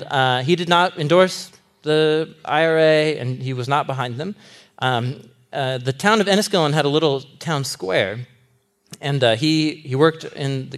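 A man preaching a sermon in a loose, conversational way, animated and laughing often, with fillers. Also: mid-range voice.

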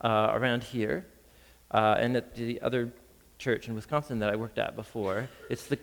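A man preaching a sermon as a pastor, lively and chuckling, acting out the voices in the scripture reading. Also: mid-range voice, long reverb tail. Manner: lively, reads scripture with acted voices, laughs often.

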